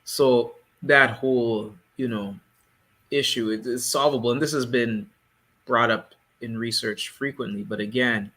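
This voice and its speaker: A man co-hosting a casual panel discussion, speaking in a measured, explanatory way. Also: mid-range voice, fairly even intonation, pushed and bright. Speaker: podcast co-host.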